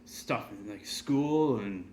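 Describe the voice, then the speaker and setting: A man's voice: fairly low pitch, animated, slow pace, darkish tone, a little hiss or hum. A man voicing a proud, plainspoken old male farmer who talks in a folksy, rambling way. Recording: echoey room.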